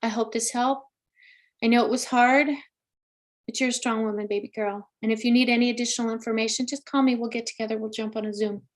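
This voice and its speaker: A woman's voice: a little high, steady tone, fast. A woman hosting a live stream as a psychic medium, giving casual readings in an effusive, exclaiming way and speaking straight to her viewers.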